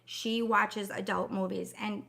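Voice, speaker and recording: A woman's voice: mid-range voice, level tone, a little slow, vocal fry, over a noisy crowd. Chatty woman with a Wisconsin accent. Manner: chatty, storytelling, laughs easily. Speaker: co-host of a live stream Q&A. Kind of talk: casual chat.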